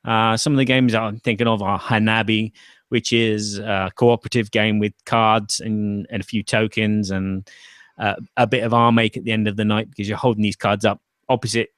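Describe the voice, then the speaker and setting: A man's voice: fairly low pitch, flat delivery, normal speed, fairly bright tone, dry recording, studio quality. A man hosting a casual chat about board games, thinking aloud with fillers and restarts. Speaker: podcast host.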